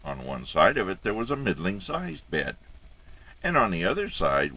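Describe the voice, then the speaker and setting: An older man tells a children's story in a low voice that rises and falls with lively expression. His tone is bright and clear, and he reads playfully, tossing in little asides. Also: normal speed, low-quality recording. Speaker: storyteller grandfather. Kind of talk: storybook reading aloud.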